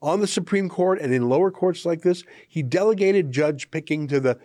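A man's voice: on the high side, moderate pace, warm tone, dry recording. A man from Canada hosting an opinion commentary show, talking in a sarcastic, mocking and emphatic way.

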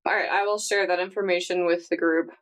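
A woman playing a tabletop role-playing game, chatting casually and reacting quickly to the others. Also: fairly low pitch, fairly even intonation, rough recording. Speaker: player.

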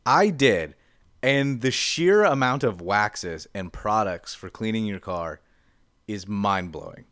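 A man's voice: fairly low pitch, lively intonation, slow, fairly bright tone, no echo. A young man rambles through an explanation with plenty of "like" and "um." His voice sits in the middle range. The recording is dry and close, with no room sound. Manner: rambling explainer, many fillers. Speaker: podcast cohost. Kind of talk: casual chat.

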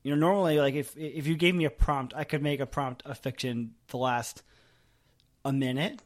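A man co-hosting a podcast in casual chat, rambling and animated, often laughing and trailing off softly. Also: mid-range voice, normal speed. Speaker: podcast co-host.

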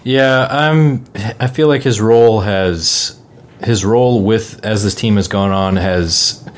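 A man's voice: fairly low pitch, slow. A man co-hosting a casual sports podcast, reading listener mail in a laid-back, hesitant way.

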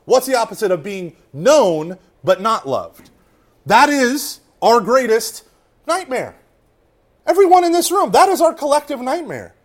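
Animated high-voiced man preaching. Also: unhurried. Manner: animated, swinging from loud to hushed, tag questions like "right?". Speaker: Catholic speaker. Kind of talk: lively faith talk to a live audience.

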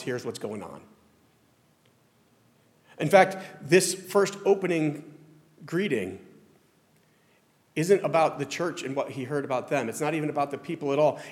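Man preaching in a reverberant hall. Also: a little high. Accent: Southern American. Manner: conversational, self-deprecating preaching with frequent restarts. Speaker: pastor. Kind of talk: sermon.

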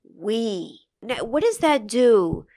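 A woman's voice: on the high side, lively intonation, unhurried. A woman co-hosting a poetry discussion, enthusiastically close-reading a poem and quoting its lines. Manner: enthusiastic, admiring. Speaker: poetry podcast co-host.

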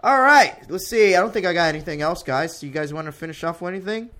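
A man's voice: high-pitched, animated, quick pace, bright, forceful tone. A man co-hosting a podcast, slangy and joking, hyping up what he likes in casual banter. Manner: slangy, joking, hypes things up. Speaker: podcast co-host.

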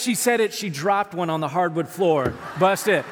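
A man in his thirties preaching a sermon as a pastor, telling animated, humorous stories from the stage of a church. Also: sits high, normal speed, slight background noise. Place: church sanctuary. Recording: long church-hall reverb.

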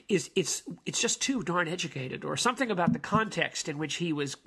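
Male commentator, raspy and husky, meandering unscripted delivery with frequent restarts. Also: on the high side, animated, pushed and bright. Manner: rambling, halting, many restarts and fillers. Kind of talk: casual spoken commentary on songs.

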